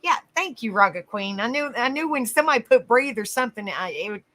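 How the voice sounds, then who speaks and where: A woman's voice: fairly high pitch, expressive, fast, sharp tone. A woman hosting a casual livestream, greeting viewers by name and calling them honey. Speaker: livestream host.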